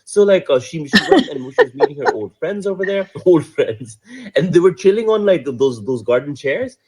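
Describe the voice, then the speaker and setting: A man tells a story in a loose, chatty way, laughing as he goes. His voice is a little high and husky, and his pitch rises and falls a lot. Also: normal speed. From Pakistan. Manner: animated, laughs often, acts out quotes. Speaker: commentator. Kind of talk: casual storytelling commentary.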